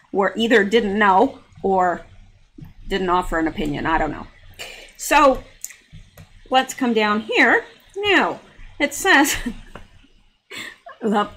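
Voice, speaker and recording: A woman's voice: fairly high pitch, fairly bright tone. A woman giving casual, opinionated commentary while reading news posts aloud, chatty, with asides and laughs. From Canada. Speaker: political commentary vlogger.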